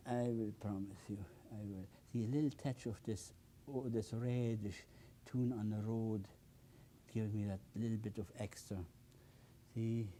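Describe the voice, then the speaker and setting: An older man teaches painting in a mellow, warm voice, taking his time between phrases. He breaks into delighted exclamations and stumbles over his words as he works the paint. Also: medium pitch, slight background noise. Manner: enthusiastic, exclaims often, repeats words, non-native phrasing. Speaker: painting instructor. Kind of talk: painting demonstration.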